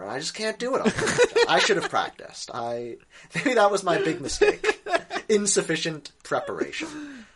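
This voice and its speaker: A man's voice: fairly high pitch, normal speed. A man co-hosting a podcast, chatting casually and joking. His voice rises and falls a lot, and a faint hiss sits under it. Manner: joking, animated, laughs often. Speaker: podcast co-host. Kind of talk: casual chat.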